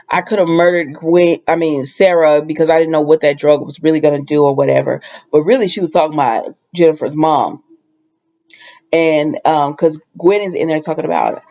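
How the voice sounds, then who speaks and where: A woman's voice: fairly low pitch, darkish tone, muffled recording. Chatty woman retelling a soap episode. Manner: chatty storytelling, acting out quoted lines. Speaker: soap opera recap vlogger. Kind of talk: casual spoken recap.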